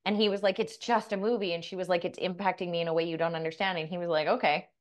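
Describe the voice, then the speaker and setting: A woman's voice: on the low side, steady tone, fast talker. Earnest woman podcast host telling stories. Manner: earnest, storytelling, quotes others in dialogue. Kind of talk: reflective podcast conversation.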